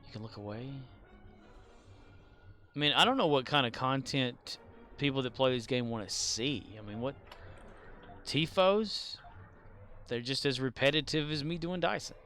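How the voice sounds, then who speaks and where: A man's voice: mid-range voice, animated, moderate pace, pauses often, fairly bright tone, soft background music. A man streaming a game and chatting casually, rambling, self-deprecating and swearing freely. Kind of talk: casual chat while gaming.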